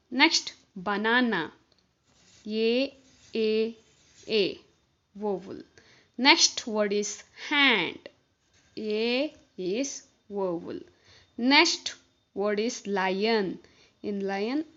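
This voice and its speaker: Lady tutor, high bright voice, super slow, spells every word out, kinda dull lo-fi sound. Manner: spells words letter by letter, then repeats them. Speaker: kindergarten tutor. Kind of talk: slow spelled-out worksheet walkthrough.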